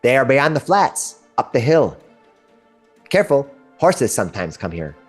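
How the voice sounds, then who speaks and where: A man voicing a jittery, excitable little male squirrel that talks in quick, chirpy bursts. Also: medium pitch, soft background music. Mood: warning. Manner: fast, chirpy, breathless insistence.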